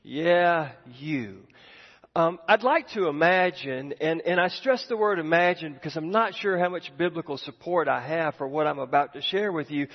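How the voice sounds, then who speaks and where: A man's voice: on the high side, long reverb tail, lo-fi sound. A male pastor giving a sermon in a conversational, storytelling way, with the odd restart.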